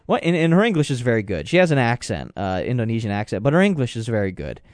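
Animated man, dry close sound. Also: mid-range voice, fast, dry recording. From United States. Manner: rambling, digressive storytelling with sarcastic asides. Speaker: political commentator. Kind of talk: casual talk commentary.

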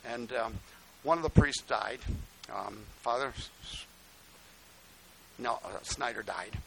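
An older male pastor giving a sermon, telling stories in a folksy way, dropping to quiet asides and then rising to loud exclamations. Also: slow pace, vocal fry, poor audio. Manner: folksy storytelling preaching, swinging from low asides to loud exclamations. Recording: faint hiss.

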